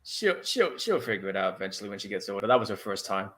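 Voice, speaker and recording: A man's voice: on the low side, sing-song, quick pace, fairly bright tone. A man hosting a casual movie commentary podcast, laid-back and easily laughing, reading out chat comments. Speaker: podcast host.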